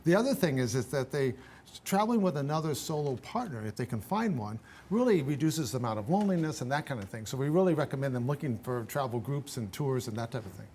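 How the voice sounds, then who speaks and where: An older man, a guest on a radio talk show, giving travel advice in an animated, emphatic way with frequent restarts. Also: mid-range voice, fast, slight background noise.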